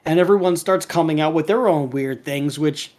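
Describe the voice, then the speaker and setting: Retelling a cartoon episode at a moderate pace, this podcast co-host has a somewhat high, darkish-toned voice. He rambles loosely, restarts often, leans on "like" and "um," and now and then gives the characters' lines a light bit of acting.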